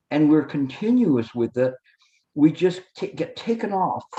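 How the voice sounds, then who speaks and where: A man's voice: mid-range voice, warm tone. A male meditation teacher giving a dharma talk, earnest, repetitive and coaxing, on a dull lo-fi recording.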